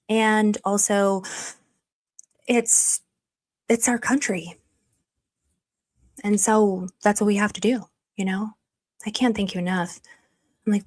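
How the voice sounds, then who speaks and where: A woman's voice: medium pitch, brisk, long pauses. A woman hosting a live stream, reasoning through evidence with frequent hesitations and gushing thanks to her viewers. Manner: chatty and effusive, often thanking viewers. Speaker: livestream host. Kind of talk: live-streamed investigative commentary.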